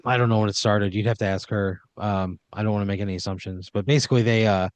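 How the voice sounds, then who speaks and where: A man narrating an improvised comedy story as game master, deadpan and laid-back with lots of filler words. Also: lowish voice, fast, no echo.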